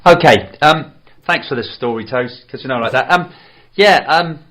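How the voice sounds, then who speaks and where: A man co-hosting a podcast, chatting casually about a film in a hesitant, rambling way with many pauses and fillers. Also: mid-range voice, fairly bright tone. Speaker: podcast co-host. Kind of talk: casual film review chat.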